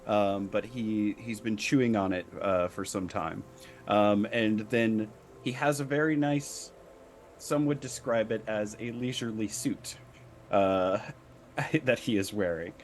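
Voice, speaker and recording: A lower-voiced man running a tabletop game as its game master. He describes each room haltingly, stopping and restarting as he goes. A faint hiss of noise sits under his voice. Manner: halting, lots of fillers and restarts while describing scenes.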